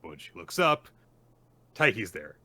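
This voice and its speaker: A man's voice: fairly low pitch, sing-song, moderate pace, bright, forceful tone. A man co-hosting a podcast, casually recapping a manga chapter with lots of fillers and acted-out character lines. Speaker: podcast co-host.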